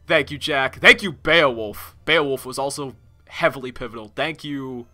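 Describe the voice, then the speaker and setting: A man giving excitable gameplay commentary, laughing often and swinging from loud outbursts to low mutters. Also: normal speed, faint music behind. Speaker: game streamer.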